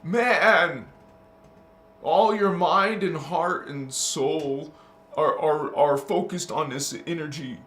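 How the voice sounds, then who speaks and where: High-voiced man hosting a chatty spiritual livestream. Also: slow, fairly bright tone. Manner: emphatic, chatty, calls listeners honey and baby, laughs often. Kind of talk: casual livestream talk reading chat. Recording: roomy echo.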